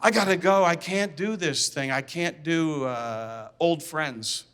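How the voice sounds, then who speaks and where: A man's voice: fairly high pitch, a bit bright, clean tone. A man voicing an evasive, paranoid man who curtly brushes off an old friend, in a reverberant hall. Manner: curt, hurried.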